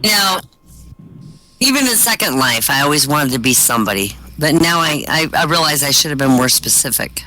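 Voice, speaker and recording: A man doing stand-up, telling one-liners and short jokes with deadpan punchlines over voice chat. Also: fairly high pitch, a little fast, slight background noise, low-quality recording. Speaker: stand-up comic. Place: virtual-world comedy venue, voice chat.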